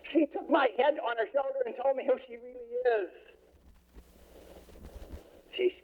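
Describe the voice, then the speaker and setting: A middle-aged man, a priest, telling an emotional story at a conference workshop, with pauses and restarts. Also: very high-pitched, fairly even intonation, a little hiss or hum. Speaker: priest giving a workshop talk. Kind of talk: recorded conference talk. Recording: tinny old cassette recording.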